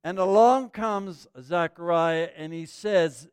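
Brief: male pastor, high smooth voice, lively storytelling sermon. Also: a little slow, no room sound, clean studio sound. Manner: animated storytelling preacher.

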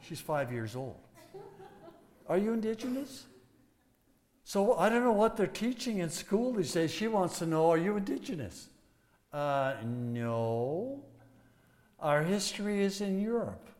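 A man's voice: sits high, very animated, measured pace, darkish tone. An older man preaching as a pastor, folksy and emphatic, with a closing blessing. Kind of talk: sermon. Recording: long hall reverb.

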